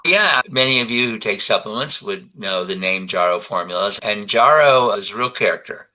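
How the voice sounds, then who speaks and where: A man in his seventies, a guest in a conversational interview, telling animated stories and acting out the dialogue. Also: fairly low pitch, normal speed, rough recording. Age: 70s. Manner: animated storyteller who acts out dialogue.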